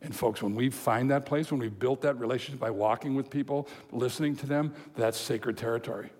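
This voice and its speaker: A man preaching a sermon, telling a story with lively quoted voices and chuckles. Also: medium pitch, fairly quick, husky. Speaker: pastor. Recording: long hall reverb.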